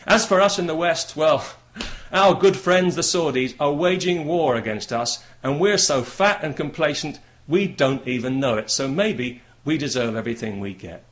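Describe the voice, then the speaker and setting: A man's voice: on the high side, normal speed, a bit bright. A man with a British accent delivering a combative political monologue, sarcastic and mocking in tone. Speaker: political commentator. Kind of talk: monologue commentary to camera.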